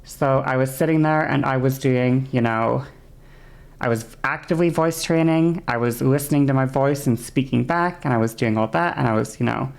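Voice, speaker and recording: A woman streamer from an English-speaking background has a sore throat as she chats casually and explains at length, rambling with many fillers and restarts. Her voice is bass-deep and darkish with vocal fry, at normal speed.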